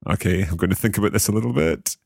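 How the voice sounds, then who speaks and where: A man with a very low, gravelly voice talks in an unhurried, swooping way, as if chatting through a language lesson. He asks curious questions and repeats phrases slowly with the odd chuckle. The sound is close and dry, with no room around him. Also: lively intonation, a little mellow, no echo. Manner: curious, chuckling, slow careful repetition. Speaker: podcast co-host learning Mandarin. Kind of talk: casual language-lesson chat.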